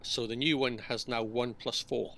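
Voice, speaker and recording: Bright-voiced man explaining on voice chat. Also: mid-range voice, fairly even intonation, normal speed, slight background noise. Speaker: friend on voice chat. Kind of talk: casual gaming chat.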